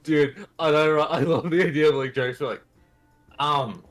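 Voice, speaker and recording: Man, tabletop player, casual chat, unhurried, profane, exasperated. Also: a little high, soft background music.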